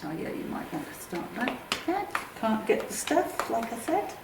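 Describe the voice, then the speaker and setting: A chatty woman calls out gently to spirits as a paranormal investigator. She sits away from the mic in an echoey tunnel, with a faint hiss underneath. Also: a little high, sing-song, moderate pace, far from the mic. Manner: chatty and laughing. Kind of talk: casual chat, calling out to spirits.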